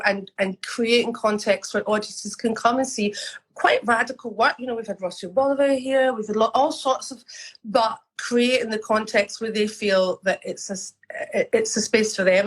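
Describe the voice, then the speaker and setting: A woman's voice: mid-range voice, fairly even intonation, moderate pace, a bit bright, breathy edge, rough recording. Chatty Scottish woman, frank and candid. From Scotland. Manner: frank, chatty, with many restarts. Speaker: guest artist and curator. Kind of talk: conversational interview.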